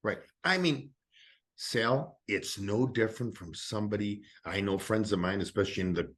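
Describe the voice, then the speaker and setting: Rambling, animated interviewer, a man. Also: on the low side, normal speed. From Italian-American family in Illinois. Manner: rambling, animated questions with many fillers. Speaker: interviewer, host. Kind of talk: casual interview conversation.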